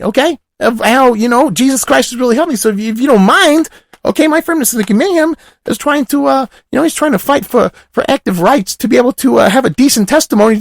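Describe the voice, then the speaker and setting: A man voicing a raspy, burnt-out party guy who rambles with fillers and asides in a comic monologue. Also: very high voice, dry recording, studio quality, heavily acted.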